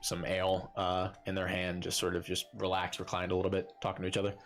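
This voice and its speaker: Man, game master, relaxed rambling narration, fairly low voice, faint music behind. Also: fast. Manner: casual, filler-heavy narration.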